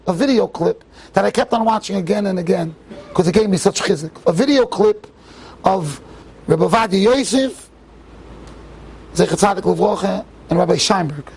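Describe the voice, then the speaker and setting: Rabbi at a tribute event: a man with a high, husky voice, animated and full of restarts. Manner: animated, restarts often, mixes Hebrew and Yiddish phrases. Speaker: rabbi speaker. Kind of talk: tribute speech with storytelling. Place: event hall.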